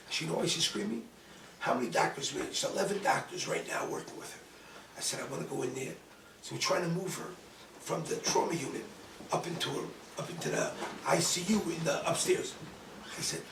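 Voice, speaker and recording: A man's voice: fairly high pitch, animated, brisk, creaky, a bit bright, a little hiss or hum. A man, a rabbi, telling a personal story in a dramatic way, quoting himself with force. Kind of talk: storytelling talk. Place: event hall. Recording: distant mic in an echoey room.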